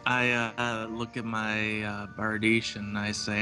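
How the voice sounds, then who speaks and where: A man's voice: lowish voice, level tone, unhurried. A man playing a tabletop game, speaking hesitantly with fillers. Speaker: player. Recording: music behind the voice.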